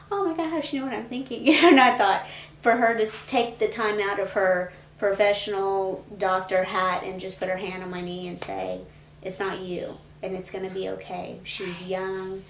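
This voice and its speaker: Earnest woman interviewee, even-toned, recorded in a roomy space. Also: medium pitch. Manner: earnest, gently reliving a hard memory. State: pregnant. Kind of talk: emotional personal account. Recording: echoey room with faint noise.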